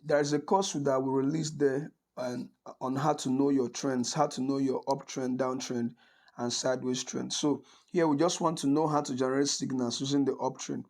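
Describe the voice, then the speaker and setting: Gravelly man teaching trading over his screen. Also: medium pitch, little pitch movement, normal speed, a little mellow. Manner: conversational, checks in with frequent "right?"; restarts and corrects himself often. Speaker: forex trading instructor. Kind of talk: screen-recorded trading tutorial.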